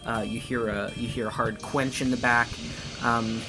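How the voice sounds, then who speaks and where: A man's voice: medium pitch, level tone, normal speed, over music. A man narrating as game master of a tabletop game, rambling with many fillers.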